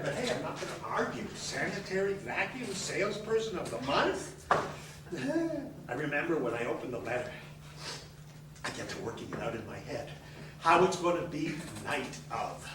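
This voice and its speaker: An actor performing a bitter, boastful loser who stammers, sneers and breaks into shouts, his voice pitched high and swinging wildly while he takes his time. It rings through an echoey theatre, heard from far back over a noisy room. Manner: stammering repetitions, sarcastic, bursts of shouting. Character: bitter, boastful middle-aged male loser in group therapy. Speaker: stage monologue character. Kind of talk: live theatre monologue. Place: theatre stage.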